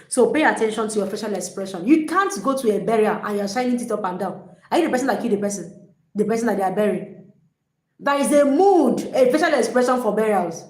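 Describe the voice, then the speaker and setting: A woman life coach giving a live coaching talk to single women, speaking emphatically, repeating key phrases and addressing viewers directly. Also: on the high side. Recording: roomy echo.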